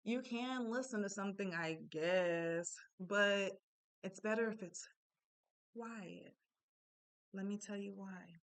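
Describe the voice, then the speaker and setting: A woman's voice: mid-range voice, takes it slowly, smooth. A young adult woman giving a casual, chatty self-help talk, candid and full of asides.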